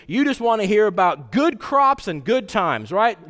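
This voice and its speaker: A man's voice: high voice, lively intonation, unhurried, few pauses, fairly bright tone, long reverb tail. A man preaching a sermon as pastor, in a conversational style that keeps checking in with rhetorical questions.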